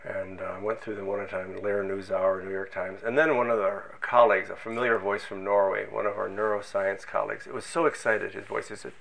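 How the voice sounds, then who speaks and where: A man's voice: on the low side, level tone, fast talker, gravelly, hardly any pauses, a bit bright, a little hiss or hum, low-quality recording. An older man from Minnesota recounting his scientific career in a storytelling way, with self-deprecating humor and frequent false starts. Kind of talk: oral history storytelling.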